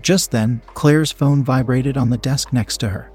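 A man steadily reading a first-person erotic story aloud in an even narration style. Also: mid-range voice, a little slow, soft background music.

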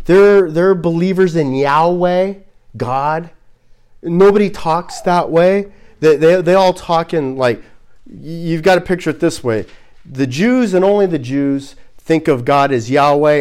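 A man preaching an expository sermon as a pastor, halting and repeating words as he works through his points, and posing rhetorical questions. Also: fairly high pitch, darkish tone. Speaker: pastor teaching a Bible series.

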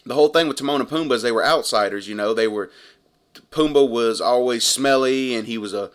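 A man's voice: medium pitch, fairly quick. An earnest man in his thirties talks through a film review in a casual, rambling way. He circles back to the same points, restarting sentences as he works through his thoughts. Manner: earnest, rambling, repeats himself. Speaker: movie reviewer.

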